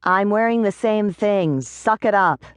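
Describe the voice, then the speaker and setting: A woman's voice: medium pitch, a little slow, smooth, dry recording, clean studio sound, voice pushed up, close to an everyday voice. Woman as a terse focused woman thief. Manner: terse, clipped.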